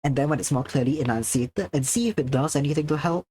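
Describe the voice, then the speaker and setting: A young Singaporean man with a Singaporean accent chats casually on a livestream while drawing, answering his chat. His voice is on the high side, fast, and warm, with careful, precise enunciation and a projected presenter's delivery, though a little hiss or hum is audible.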